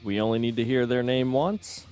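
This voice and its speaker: A man, a video producer on a sports show, calmly explaining a trivia game. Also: mid-range voice, normal speed, clean tone, faint music behind. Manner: easygoing, explains the game rules. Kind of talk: casual sports talk.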